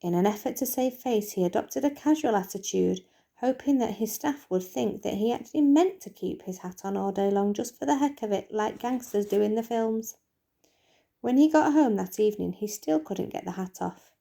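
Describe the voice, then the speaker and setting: A woman teacher reading a children's book aloud in a lively, expressive way. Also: medium pitch, moderate pace, creaky.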